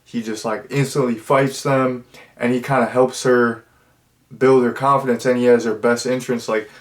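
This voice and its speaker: A man's voice: mid-range voice, little pitch movement, normal speed. Rambling man chatting through a movie review. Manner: rambling, full of fillers and restarts. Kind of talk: casual spoken movie review.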